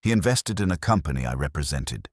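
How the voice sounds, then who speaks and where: A man's voice: extremely low pitch, very animated, fast, no room sound, clean studio sound, exaggerated voice. A man reading a nervous, breathless businessman who stammers his denials.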